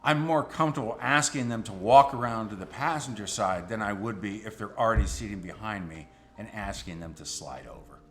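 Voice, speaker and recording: A middle-aged man, a rideshare driver, telling a personal story in an animated, suspenseful way. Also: on the low side, brisk, few pauses, a little hiss or hum.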